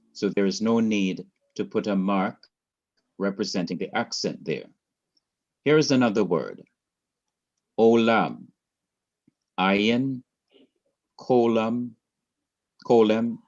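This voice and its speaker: A man's voice: fairly low pitch, darkish tone. A man teaching a Hebrew class in a patient, repetitive lecture style, spelling out letters one by one. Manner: patient, repeats key points, spells out letters. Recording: dull lo-fi recording.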